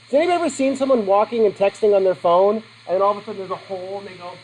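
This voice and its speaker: A middle-aged man with a fairly high voice lectures a classroom, joking and chatting as he quizzes his students. A faint hiss of background noise sits under the recording. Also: very fast, a little mellow, poor audio. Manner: joking, conversational, asks the class questions. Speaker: teacher.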